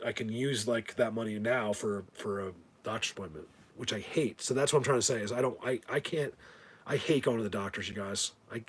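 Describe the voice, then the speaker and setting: A man hosting a casual livestream rambles and stammers while thanking viewers, bothered by a whistling ringing in his ears. His voice is medium-pitched and a little rough.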